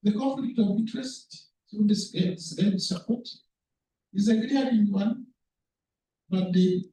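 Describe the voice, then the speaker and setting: A man with a high but mellow voice delivers a presentation in a halting, earnest manner and often repeats words. He sits well back from the microphone in an echoey meeting room with faint background noise. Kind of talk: conference presentation. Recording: echoey room, speaker far from mic.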